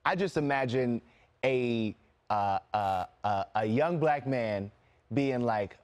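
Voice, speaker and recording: A man's voice: medium pitch, lively intonation, slow, clear, resonant tone. A man hosting an entertainment show, interviewing a guest over a video call in an enthusiastic, chummy way and laughing often.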